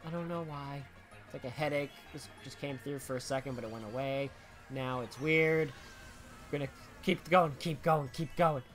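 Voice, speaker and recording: Bright-voiced young man streaming a kart race. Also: a little high. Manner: swings from muttering to shouting outbursts, swears a lot. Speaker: game streamer. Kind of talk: live gameplay commentary.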